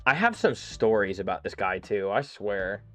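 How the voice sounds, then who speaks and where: A man streaming a game, chatting casually and rambling through stories with quick asides. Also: fairly low pitch, sing-song, a bit bright, faint music behind. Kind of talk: casual live-stream chat.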